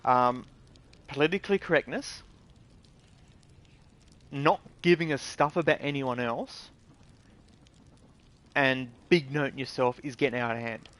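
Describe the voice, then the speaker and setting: With long pauses and an unhurried pace, a medium-pitched Australian man with a fairly bright tone rants about games. He's a gaming video creator, casual and indignant, blunt and swearing.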